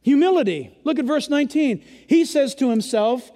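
A male pastor delivers an emphatic sermon in a very high voice, sometimes raising it to a yell. His words ring out with the long reverb of a large church sanctuary during a service. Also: expressive, normal speed. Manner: emphatic preaching, yelling at times.

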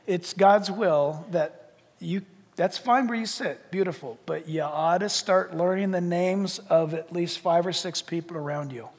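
A man preaching a sermon as pastor, animated, acting out little dialogues and rising to shouts. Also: high voice, unhurried. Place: church sanctuary. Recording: long reverb of a church hall.

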